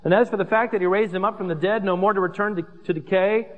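High-voiced man preaching in a reverberant hall. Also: fast talker. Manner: animated storytelling with asides and humor. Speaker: pastor. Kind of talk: sermon. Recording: dull reverberant hall recording.

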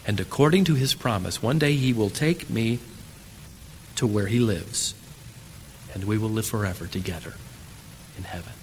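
A man voicing a humble male apostle who answers quietly and steadily, in an echoey hall. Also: lowish voice, moderate pace, pauses often, voice pushed down, natural voice. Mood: calm. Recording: echoey hall, faint room noise.

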